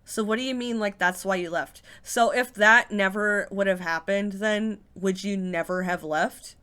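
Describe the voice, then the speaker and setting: A woman's voice: medium pitch, a little slow, sharp tone, clean tone. Exasperated woman doing reaction commentary. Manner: exasperated, sarcastic, swearing. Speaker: commentary channel host.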